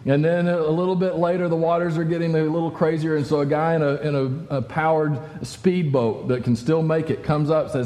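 A man's voice: fairly high pitch, normal speed, dark tone, in a large hall. A man giving a casual, conversational sermon as a pastor, talking with many fillers and restarts.

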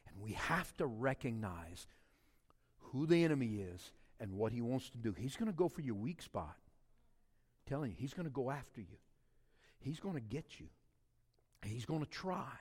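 A middle-aged man, preaching a sermon as a pastor, swinging between loud emphatic passages and quiet ones. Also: mid-range voice, big-room sound. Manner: animated preaching with big swings in loudness.

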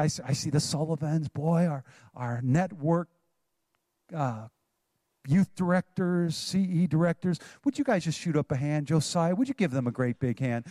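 A middle-aged male pastor preaching to his congregation in a church, lively and exhorting with touches of humor. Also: high-pitched, dry recording. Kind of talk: sermon.

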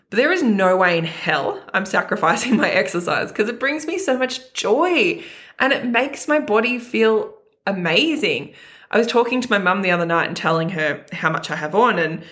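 A woman's voice: mid-range voice, a bit bright. Earnest, emotional woman speaking to viewers. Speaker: food and body image coach. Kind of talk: personal monologue to viewers.

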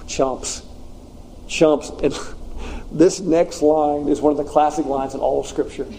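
Animated preacher with a mellow voice. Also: male voice, fairly high pitch, moderate pace, creaky, a little hiss or hum, rough recording. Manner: animated, joking, acts out quotes. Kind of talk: conversational sermon.

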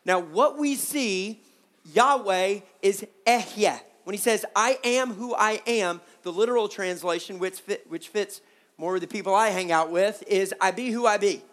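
A preacher giving a sermon at a youth camp, with joking asides to the crew and audience, slowing down to stress key words. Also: medium pitch, fairly bright tone. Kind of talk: sermon with slides.

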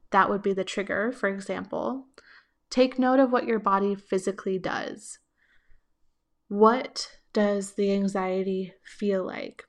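A woman hosting a solo advice podcast, speaking in a reflective, gentle coaching tone and laughing lightly between thoughts. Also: mid-range voice. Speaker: podcast host.

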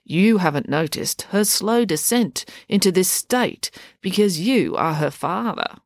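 A woman voicing a very old male doctor who speaks in a quavery voice with slow, patronizing tones. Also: on the low side, lively intonation, dry recording, studio quality, voice pushed up.

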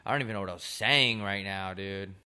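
Low-pitched, smooth, and fast, a young male podcast co-host rambles through casual, animated stories laced with profanity.

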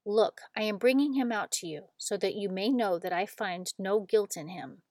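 A woman voicing a stern male Roman governor in a measured, deliberate scripture reading. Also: medium pitch, a little mellow, no echo, lightly acted. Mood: questioning.

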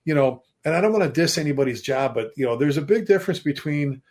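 A man's voice: on the high side, lively intonation, fast, darkish tone. A middle-aged man, a fire chief and author, telling stories emphatically as a guest in a casual podcast talk, now and then swearing. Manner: storytelling, emphatic, mild swearing.

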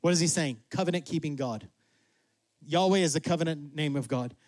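A man preaching with a high voice and lots of energy. He acts out God and Moses in quick asides. The sound is dry and close. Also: no room sound. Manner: drops to a soft, low voice for emphasis. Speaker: pastor. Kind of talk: sermon.

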